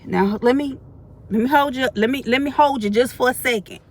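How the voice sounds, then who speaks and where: Higher-voiced woman sharing an earnest faith testimony. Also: a little fast. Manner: colloquial, earnest, slips into preaching. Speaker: faith vlogger. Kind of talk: spoken testimony to camera.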